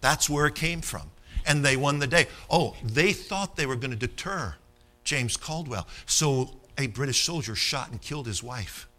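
A man's voice: mid-range voice, animated, normal speed, pushed and bright. A man preaching a sermon, telling stories and calling for amens from the congregation. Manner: storytelling, rousing, calls for amens.

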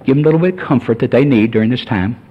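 A man's voice: medium pitch, racing, lo-fi sound. Folksy preacher man on radio. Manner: folksy, rising to emphatic preaching. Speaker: pastor. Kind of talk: sermon.

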